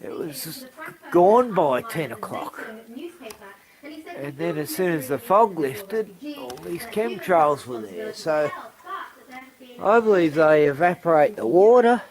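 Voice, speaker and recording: With crowd noise in the background, a vlogger in a rural yard rants to camera, swearing at roosters crowing and cooing over his dogs. His high-leaning voice is sing-song, and he takes it slowly with frequent pauses.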